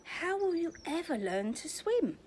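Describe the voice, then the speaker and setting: A woman reading as a gentle mother otter. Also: very high voice, big pitch swings, measured pace, a little hiss or hum, pitched above the performer's own voice, heavily acted. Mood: fretful. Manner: gentle, sighing.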